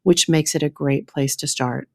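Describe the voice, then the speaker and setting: Woman podcast co-host, slightly low voice, chatty, fillers and restarts. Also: normal speed, darkish tone. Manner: reads aloud from a book; guides a counted breathing exercise. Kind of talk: casual podcast chat.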